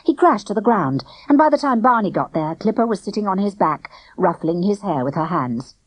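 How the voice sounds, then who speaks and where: A woman narrating a children's audiobook in an expressive storytelling manner. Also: medium pitch, a little fast, no room sound, low-quality recording. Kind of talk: scripted children's book narration.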